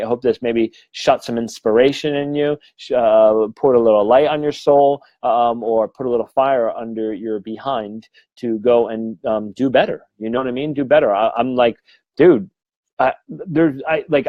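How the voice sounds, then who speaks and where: A man's voice: mid-range voice, mellow, no echo, dull audio. A man giving a casual livestream talk as a medium, earnest and rambling, restarting his sentences and swearing now and then. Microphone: phone or webcam livestream.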